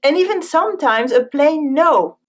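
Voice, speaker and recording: A woman's voice: high-pitched, expressive, normal speed. A woman with a French accent giving a scripted language lesson, saying example phrases twice and then translating them. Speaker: French teacher.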